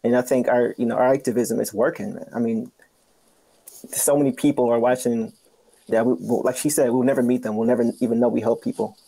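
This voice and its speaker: A man on a livestream panel, talking in a relaxed, laid-back way. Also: medium pitch, fairly quick, creaky, breathy edge. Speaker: panel guest. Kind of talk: casual livestream chat.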